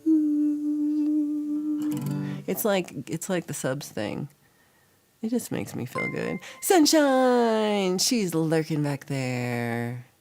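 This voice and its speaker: A woman's voice: mid-range voice, expressive, darkish tone. A woman hosting a livestream, chatting casually and teasingly with her viewers. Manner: playful, teasing, drawn-out delivery. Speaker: livestream host. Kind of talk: casual chat with live viewers. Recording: music playing behind.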